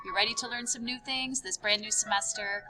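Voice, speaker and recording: A woman teaching a recorded French lesson, upbeat and drilling each word with sharp rising repeats. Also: mid-range voice, fairly even intonation, a little fast, over music.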